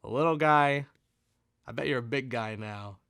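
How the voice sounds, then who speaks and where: A man's voice: medium pitch, normal speed, gravelly, a bit bright, clean tone, no echo, clean studio sound. A man who makes videos, chatting in an easygoing, self-deprecating way as he responds to fan letters. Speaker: video creator.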